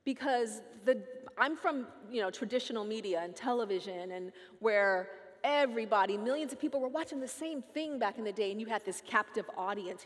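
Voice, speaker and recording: Woman, high voice, lively stage talk, playful, teasing, big hall with long reverb. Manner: playful, teasing, addresses audience directly. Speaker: featured speaker. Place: large hall with live audience.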